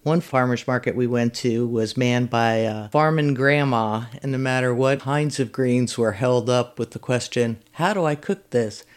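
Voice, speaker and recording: A woman's voice: rumbling low, steady tone, normal speed, few pauses. A woman who volunteers as a master gardener, reading a scripted segment with friendly, step-by-step cooking instructions. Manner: friendly, instructive, recipe steps read at an easy pace.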